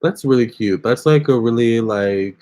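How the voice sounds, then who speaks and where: A man's voice: mid-range voice, moderate pace, mellow. A young man hosting a casual phone livestream, chatting with viewers and reading their comments aloud. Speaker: livestream host.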